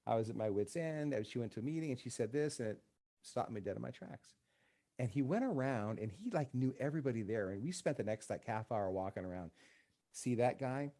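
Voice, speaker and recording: A male counselor, a guest on a casual podcast conversation, tells stories in a relaxed radio style and plays out the dialogue himself. He speaks fairly quickly in a warm, mid-range voice with lively intonation.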